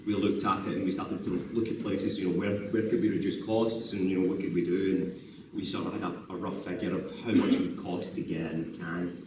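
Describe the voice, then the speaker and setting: A Scottish film director talking at a live Q&A after a screening, rambling and laughing often. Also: male voice, sits low, little pitch movement, a little fast. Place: cinema auditorium. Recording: echoey hall from far off, noisy.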